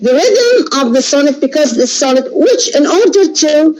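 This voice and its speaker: A woman whose first language is Arabic, giving an English lecture slowly with many hesitations and self-corrections. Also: high voice, very animated, darkish tone, poor audio.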